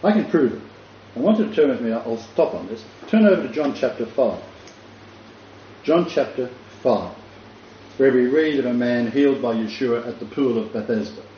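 A man's voice: medium pitch, expressive, moderate pace. Man preaching in an echoey room. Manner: imaginative, rambling with restarts and chuckles. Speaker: Bible teacher. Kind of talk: sermon with vivid storytelling. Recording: dull echoey room with faint noise.

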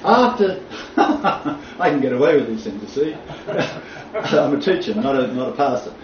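A man's voice: medium pitch, animated, a little slow. A man teaching a Bible class in a blunt, joking way, often laughing. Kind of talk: informal lecture. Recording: echoey room from far off, dull, faint noise.

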